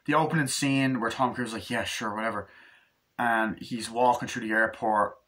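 A man's voice: mid-range voice, steady tone, normal speed, fairly bright tone. A man casually reviewing a film, rambling and swearing freely. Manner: rambling, profane, acts out scenes in quoted voices. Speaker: movie reviewer.

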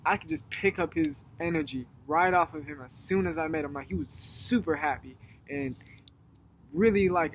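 A young man in casual chat outdoors, telling a story in a rambling way, getting animated when he retells it. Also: on the high side, slight background noise. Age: young adult. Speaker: guest. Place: outdoors at dusk.

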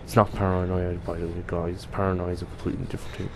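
A man's voice: low-pitched, level tone, quick pace, noisy background. A young man playing a horror game and commenting to viewers, jumpy and swearing often. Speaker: gaming youtuber. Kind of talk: let's play commentary.

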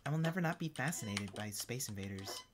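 A man giving casual, profane gameplay commentary, swinging between low mumbling and excited yelps. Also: noisy background. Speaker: game streamer.

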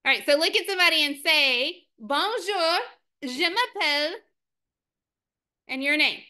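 An upbeat woman teacher with a high, bright voice, leading a class of children. She cheers them on and sounds out each new word slowly and clearly. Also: lively intonation. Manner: upbeat and encouraging, slow clear modeling of words.

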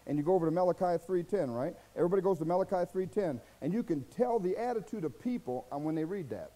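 Male pastor, American accent, mellow lively-pitched preaching voice, folksy and exhorting. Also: quick pace, low-quality recording. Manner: folksy, exhorting, rhetorical questions and mimicked voices. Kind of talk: sermon.

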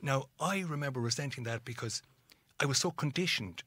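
A middle-aged man with an Irish accent talks through his life in an animated, storytelling way, taking on the voices of the people he quotes. His voice is a little husky and sits in a middle register. The sound is close and dry. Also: mid-range voice, fairly quick, dry recording. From Ireland. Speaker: guest. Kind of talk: storytelling interview.

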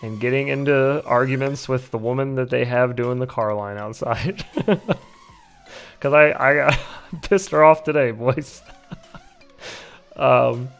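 A man's voice: mid-range voice, steady tone, unhurried, vocal fry, clear, resonant tone. Laughing, profane man telling stories. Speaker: livestream host. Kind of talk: casual livestream chat.

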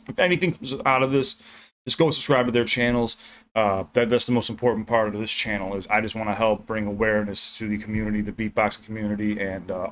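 A man's voice: fairly low pitch, a bit bright, a little hiss or hum. A young man hosting a reaction video, chatting loosely and cursing as he rambles about what he just watched. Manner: loose, profane, rambling chat with laughs. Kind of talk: casual reaction commentary.

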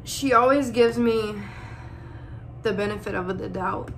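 A young woman speaking in an emotional personal vlog, close to tears, pausing often and calling her viewers y'all. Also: medium pitch, slight background noise. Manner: tearful, holding back crying, pausing often. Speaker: vlogger.

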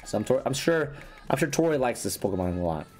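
This man rambles quickly through the cards in his trading card packs, chatting casually on YouTube despite losing his voice and often restarting sentences. His mid-range, slightly mellow voice has big pitch swings, and faint music plays behind him.

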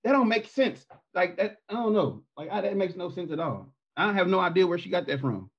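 Husky guy w a higher voice telling long funny family stories, kinda dull lo-fi sound. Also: brisk. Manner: rambling, animated, laughs while telling stories. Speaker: podcast guest. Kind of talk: casual storytelling.

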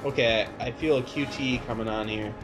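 A man speaks fairly quickly in a medium pitch with fairly even intonation. Game music plays as he gives casual let's-play commentary, swearing a lot, sounding exasperated, and yelping in frustration.

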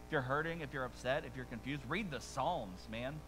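A man preaching a sermon as pastor, conversational and animated, with quick asides and rising emphasis, speaking to a congregation in a church. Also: mid-range voice, soft background music, poor audio. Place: church sanctuary before a congregation.

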